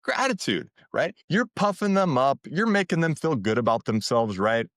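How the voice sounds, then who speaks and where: Hyping listeners and tossing out "right?" again and again, a man coaches casually on his dating-advice podcast, switching to a livelier voice when acting out sample lines. He speaks on the high side at a moderate pace, with lively intonation and a fairly bright tone, in studio quality with no room sound.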